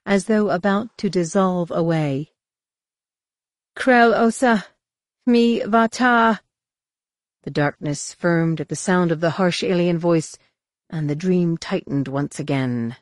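A woman narrating a science-fiction audiobook in a measured, expressive reading on a close studio mic. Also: lowish voice, dry recording. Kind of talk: scripted narration.

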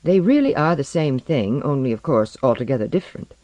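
A man's voice: medium pitch, expressive, brisk, a little mellow, dry recording, lightly acted. A man voicing a formal, unfailingly polite male expedition leader who speaks precisely.

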